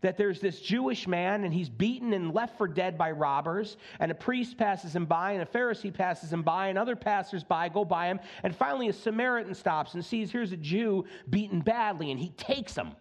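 High-voiced pastor preaching conversationally. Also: male voice, expressive, normal speed, few pauses. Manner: conversational, folksy preaching with acted-out quotes. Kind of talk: sermon. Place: church sanctuary.

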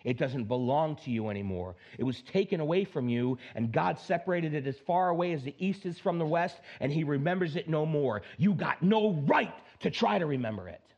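A high-voiced man preaches a sermon, pressing his points with emphatic swings between raised exclaims and low, slowed stresses. He mixes in playful, chatty asides. The recording sounds dull and lo-fi. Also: animated, a little mellow. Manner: playful asides, mock self-talk. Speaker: pastor.

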